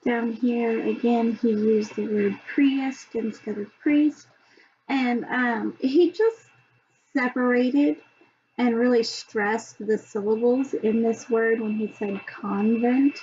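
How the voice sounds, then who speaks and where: A woman presenting a reading assessment, talking slowly with many pauses and ums. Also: fairly high pitch, fairly even intonation, a little mellow. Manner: slow, hesitant, many ums. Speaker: student presenter. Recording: dull lo-fi sound, faint background hum.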